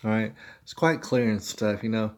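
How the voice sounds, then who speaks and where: Male livestream host, lowish voice, rambling casual commentary, speaks to his audience directly, recorded at home. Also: moderate pace. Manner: rambling, conversational, addresses viewers as y'all.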